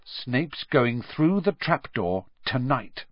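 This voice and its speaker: A man's voice: medium pitch, sing-song, takes it slowly, no room sound, muffled recording. A man doing an urgent, defiant schoolboy. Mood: determined. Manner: urgent, pleading, emphatic. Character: determined young schoolboy hero, urgent and defiant.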